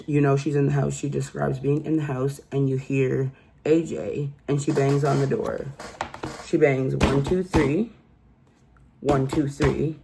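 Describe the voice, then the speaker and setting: A man's voice: medium pitch, vocal fry, mellow, a little hiss or hum. A man casually recapping a true crime case in a rambling, incredulous way, full of fillers.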